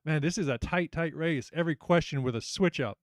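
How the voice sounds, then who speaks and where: A young man hosting a casual online trivia night, chatty and animated as he reads out questions and reacts to the players. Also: a little high, a little fast, dry recording, studio quality. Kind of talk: casual livestream quiz hosting.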